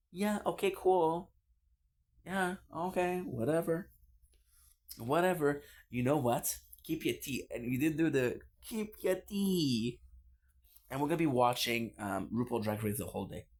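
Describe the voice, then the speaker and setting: A man streaming live, chatting casually with viewers in a playful, teasing way, often repeating himself. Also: medium pitch. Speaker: live streamer reading chat.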